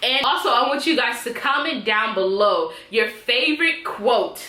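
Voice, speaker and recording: A woman's voice: fairly high pitch, expressive, normal speed, bright, forceful tone, echoey room. A woman recapping a TV episode in a casual vlog, chatty and acting out the characters' lines. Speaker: TV episode reviewer.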